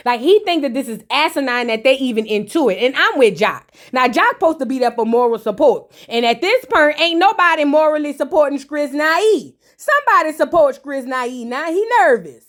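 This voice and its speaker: A woman's voice: high-pitched, animated, moderate pace, few pauses. Woman, reality TV recap host, sassy, slangy, chatty, casual reaction.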